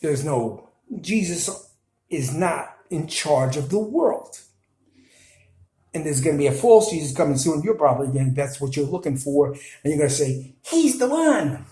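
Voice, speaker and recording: A man's voice: a little high, normal speed, dark tone, reverberant, poor audio. A man with a New York Italian accent, ranting to viewers in blunt, scolding commentary. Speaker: video commentator.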